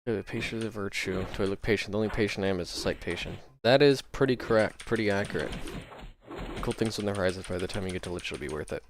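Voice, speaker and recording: A man with a fairly low voice chats casually through a gameplay livestream. He thinks out loud as he plays and trades teasing jokes with his viewers. A faint hiss with clicks sits behind him. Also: fast. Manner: joking, teasing banter with chat; rambling, thinking aloud while playing. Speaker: gaming livestreamer.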